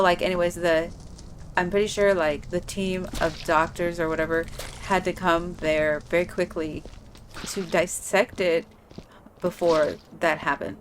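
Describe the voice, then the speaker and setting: A woman's voice: lowish voice, a little hiss or hum. A woman chatting casually while playing a game, rambling with lots of filler words. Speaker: gaming streamer. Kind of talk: casual gameplay chat.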